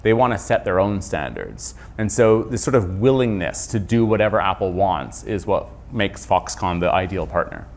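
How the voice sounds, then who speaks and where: A middle-aged man, an author, speaking in a conversational interview with quick asides and self-corrections. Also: low-pitched, expressive. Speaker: author and journalist guest.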